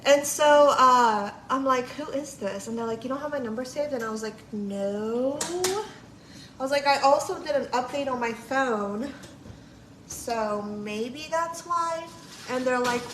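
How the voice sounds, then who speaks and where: Slightly slow and a bit bright, with a voice that sits high, a female livestream vlogger rambles through a long story, quoting people, swearing and saying "like" a lot. Faint background noise and room echo are audible.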